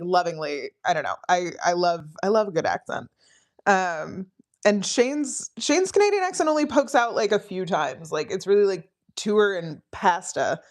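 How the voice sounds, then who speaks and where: A woman chatting casually on a live study stream, rambling with frequent ums and laughing often. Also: medium pitch. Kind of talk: casual livestream chat.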